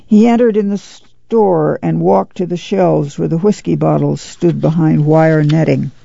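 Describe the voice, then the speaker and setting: A man narrating a novel aloud in a measured, steady reading for radio. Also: fairly high pitch, gravelly, no echo. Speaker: audiobook reader. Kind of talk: literary audiobook narration on radio. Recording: dull dry lo-fi studio read.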